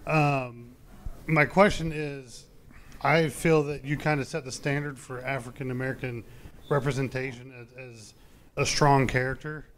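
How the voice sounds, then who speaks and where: A man from the audience at a convention panel asking a question, halting and hesitant. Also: medium pitch, fairly even intonation, a bit bright, a little hiss or hum. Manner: hesitant, halting, many fillers.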